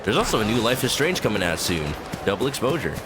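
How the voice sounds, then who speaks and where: A man streams a video game, chatting casually and rambling with lots of "like" fillers. His mid-range voice swings widely in pitch and moves fast. Game music plays clearly underneath.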